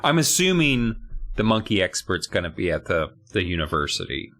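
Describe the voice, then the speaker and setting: Animated joking man, podcast co-host. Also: low voice, moderate pace. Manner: joking, swearing, riffing on plot logic. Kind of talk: casual comedic recap of a kids' book.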